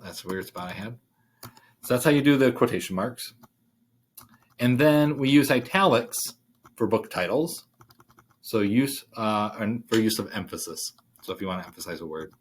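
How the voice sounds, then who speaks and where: A man's voice: lowish voice, slight background noise. A man teaching a college writing class, talking casually through a worksheet with fillers while he types. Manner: casual, thinking aloud with fillers. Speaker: writing instructor. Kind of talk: screen-share worksheet walkthrough.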